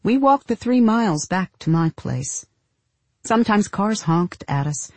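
Brief: husky female narrator, dark and low, deadpan audiobook read, dry close sound. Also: unhurried, dry recording. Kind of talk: audiobook narration of literary fiction.

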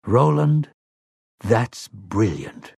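A man's voice: on the low side, sing-song, drawn-out words, vocal fry, darkish tone, slightly rough, no room sound, clean studio sound, heavily acted. A man voicing an eager, folksy village foreman in an audiobook.

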